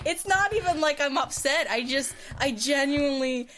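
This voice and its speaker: A woman's voice: sits high, normal speed, slight background noise. A young American woman co-hosting a podcast over a video call, chatting casually and full of "like"s. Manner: animated, giggly, lots of likes. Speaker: podcast co-host. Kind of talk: casual chat.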